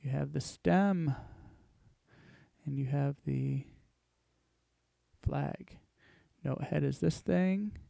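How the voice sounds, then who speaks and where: A man's voice: fairly high pitch, drawn-out words, gravelly, long pauses, mellow, no echo. A male music teacher reading worksheet instructions aloud and counting beats as he walks through the exercises.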